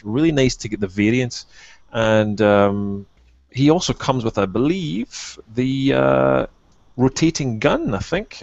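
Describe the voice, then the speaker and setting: A man's voice: medium pitch, gravelly, no room sound, highs cut off. A man co-hosting a casual hobby podcast, chatting eagerly and praising what he sees. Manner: enthusiastic, quick to praise. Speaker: podcast co-host.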